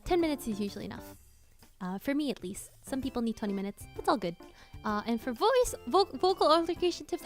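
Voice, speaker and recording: A young woman hosting a casual live Q&A about singing covers, chatty and self-correcting with lots of fillers. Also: fairly high pitch.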